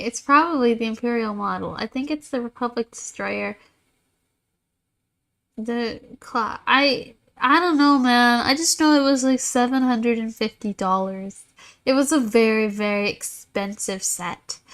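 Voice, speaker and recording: A woman's voice: a little high, a little slow, a bit bright. A young woman chatting casually while streaming a game, rambling, tired and sarcastic. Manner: rambling, self-mocking, sarcastic. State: tired, yawning.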